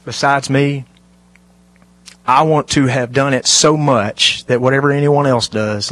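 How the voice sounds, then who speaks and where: A middle-aged man preaching a sermon, animated and lively, dropping to hushed, intimate asides. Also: mid-range voice, measured pace, no echo. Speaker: pastor.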